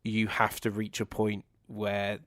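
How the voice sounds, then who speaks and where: A man's voice: lowish voice, completely flat delivery, slow pace, fairly bright tone, no room sound, clean studio sound. A man co-hosting a film review podcast in casual chat, often restarting his sentences before building to exasperation. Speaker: podcast co-host.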